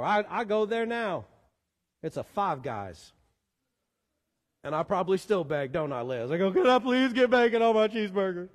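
A pastor, preaching a sermon in animated style with pleading repetitions. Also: male voice, on the high side. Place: church sanctuary. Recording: long church hall reverb.

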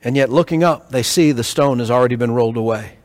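A man preaching a sermon to a congregation, telling stories with rhetorical questions in an animated way. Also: medium pitch, fast talker. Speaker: pastor. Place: church hall with congregation. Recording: echoey hall.

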